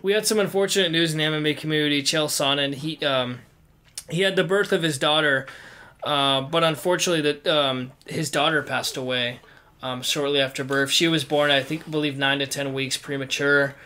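Young guy cohosting, kinda high bright voice, lots of um, earnest. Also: steady tone, brisk, clear, resonant tone. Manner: chatty and earnest, uses many fillers. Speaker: podcast co-host. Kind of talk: casual podcast chat.

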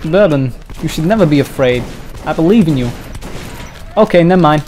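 A man's voice: on the high side, animated, fairly quick, darkish tone, slight background noise. A young Australian man giving crude, jokey commentary while playing a video game, with bursts of mock panic. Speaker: let's-play gamer. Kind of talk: joking gameplay commentary.

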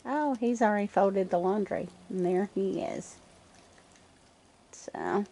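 An older woman from Nova Scotia, Canada, chatting calmly to the camera outdoors on a cold night, cooing sweetly to animals. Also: mid-range voice, moderate pace. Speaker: wife feeding raccoons at home. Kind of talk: casual chat to camera.

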